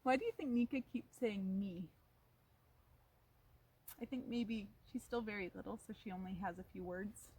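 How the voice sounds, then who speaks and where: A woman reading a picture book aloud to children, pausing to ask them questions in an animated way. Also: mid-range voice, husky. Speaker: storytime reader.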